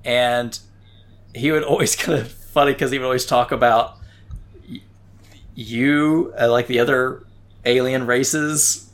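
A man's voice: medium pitch, steady tone, a little slow, long pauses, fairly bright tone. A man co-hosting a casual gaming chat, rambling through explanations and tagging his points with "right?". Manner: rambling, frequent "right?" tags.

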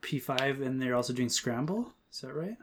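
A man co-hosting a podcast in casual chat, making quick joking asides. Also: mid-range voice, animated.

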